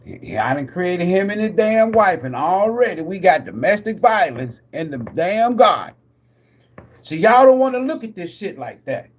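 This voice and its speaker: A man hosting a live tarot stream, ranting like a preacher with lots of swearing. He laughs often, asks his viewers questions, and swings between loud bursts and muttered asides. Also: sits high, big pitch swings, normal speed. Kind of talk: profane preacher-style rant.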